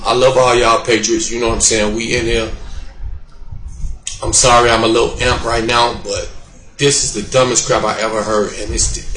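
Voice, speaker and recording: A man's voice: medium pitch, a bit bright, roomy sound, rough recording. Fired-up slangy man ranting to viewers. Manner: slangy, fired-up and repetitive, addressing viewers directly. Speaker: political commentary vlogger. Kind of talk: heated casual commentary rant.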